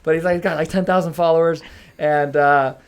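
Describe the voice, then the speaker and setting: A man's voice: fairly high pitch, smooth. A young man hosting a podcast, telling a story in casual chat, acting out quotes and swearing freely. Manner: fast, animated, swears freely, acts out quotes. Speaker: podcast host.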